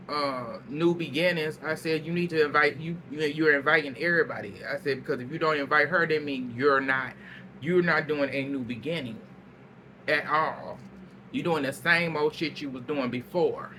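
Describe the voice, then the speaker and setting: Male recapper, animated and profane, cracks up often; bright, slightly high voice, faint noise. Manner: animated storytelling, laughs a lot, salty language. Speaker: reality show recapper. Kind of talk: casual recap chat.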